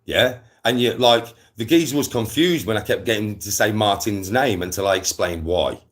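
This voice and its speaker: A man's voice: fairly low pitch, normal speed. Slangy man ranting on a livestream. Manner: animated, swearing, slangy rants. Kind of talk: casual live-stream chat to viewers.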